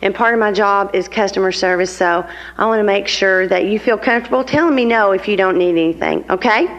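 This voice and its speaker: A woman's voice: medium pitch, fairly quick, in a large hall, lo-fi sound. A woman sales consultant sharing how she runs her class, chatty and earnest as she speaks directly to her listeners. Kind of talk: sharing a practice with a group.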